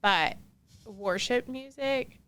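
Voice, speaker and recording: A woman, in her forties, telling a personal story as a podcast guest in an animated, chatty way with lots of fillers. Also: a little high, slow pace, clean tone. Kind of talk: casual conversational storytelling.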